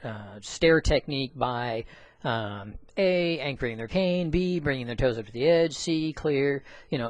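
A man's voice: medium pitch, no echo. A man who teaches orientation and mobility explains an assessment tool in a loose, rambling way, with many fillers and restarts. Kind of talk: screen-recorded software walkthrough.

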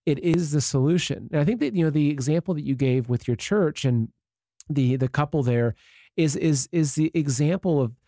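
A man hosting an interview in a relaxed, conversational way, full of "like" and "you know". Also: fairly high pitch, normal speed, no echo, studio quality. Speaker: interview host. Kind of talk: casual interview talk.

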